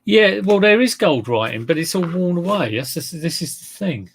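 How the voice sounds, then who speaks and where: A man's voice: high-pitched, very animated, normal speed, slightly rough. A man hosting a casual reseller livestream, chatting to viewers in a rambling way while he handles and lists items.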